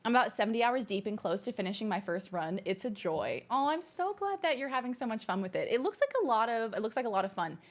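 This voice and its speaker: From her home streaming room, a livestream host chats casually and reads out viewer messages, bubbly and gushing and quick to exclaim. Her voice is fairly high and sing-song.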